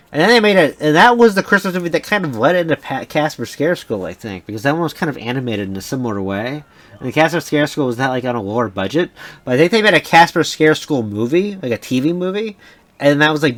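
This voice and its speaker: A man's voice: mid-range voice, animated, quick pace, fairly bright tone. Young guy co-hosting a chill podcast, rambly and sweary, voice bouncing up and down a lot. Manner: rambling, sidetracked storytelling with frequent restarts and swearing. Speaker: podcast co-host. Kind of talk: casual chat.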